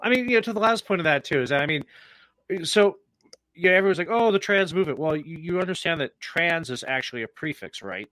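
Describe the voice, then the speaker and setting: Bright-toned rambling male co-host. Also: fairly high pitch, lively intonation, brisk, no room sound. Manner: emphatic, rambling with many fillers. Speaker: radio co-host. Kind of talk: political talk radio chat.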